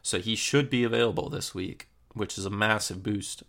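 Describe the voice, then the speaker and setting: Low, flat, gravelly man previewing football. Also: normal speed. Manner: relaxed, filler-heavy match previewing. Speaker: podcast host. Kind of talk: casual football podcast chat.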